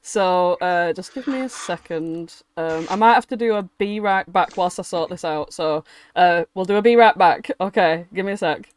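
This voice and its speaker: A woman's voice: lowish voice, moderate pace, smooth, dry recording. A woman hosts a casual game over a video call. She talks in a chatty, giggly way and laughs often between her remarks. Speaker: host. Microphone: webcam video call.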